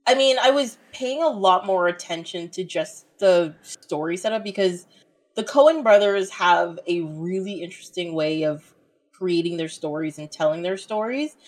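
A woman's voice: lowish voice, moderate pace. Chatty woman rambling with fillers. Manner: rambling, many fillers and restarts. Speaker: podcast co-host. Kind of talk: casual chat.

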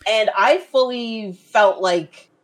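A woman's voice: on the high side, slow pace. A woman co-hosting a casual film chat, talking in loose rambling sentences full of fillers and restarts. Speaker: podcast co-host.

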